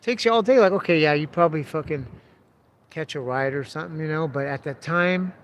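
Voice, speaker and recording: A man in a fairly high register spins a casual story, cussing freely and tossing in dude and bro. His delivery is laid-back and loose. A faint hiss of noise sits under the voice. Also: brisk. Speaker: taxidermist telling a story.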